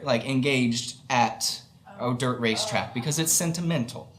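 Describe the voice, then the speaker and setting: A man's voice: mid-range voice, lively intonation, measured pace, crowd noise. A young man telling a personal story on stage before an audience, rambling with lots of fillers and poking fun at himself. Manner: rambling, filler-heavy, self-mocking humor.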